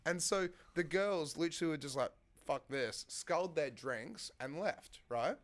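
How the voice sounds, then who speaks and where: A man's voice: fairly high pitch, expressive, normal speed. A man with an Australian accent, a podcast host telling a story in casual chat, tagging his lines with "right?".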